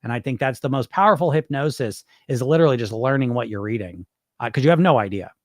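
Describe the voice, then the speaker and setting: A man's voice: medium pitch, lively intonation, fast, no echo, studio quality. A man hosting a weight loss podcast, answering viewer questions in loose, rambling chat with casual swearing. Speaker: weight loss hypnosis coach, podcast host.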